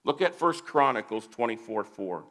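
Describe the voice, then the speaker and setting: A man giving a measured, scripted Bible teaching with dry asides. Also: mid-range voice, lively intonation, fairly bright tone.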